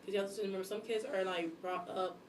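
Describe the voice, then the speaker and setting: A young woman chatting casually on a podcast about her jobs, blunt and animated, sometimes acting out how she scolds people. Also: medium pitch, quick pace, reverberant, distant mic, a little hiss or hum, rough recording. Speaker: guest, substitute teacher and airport worker.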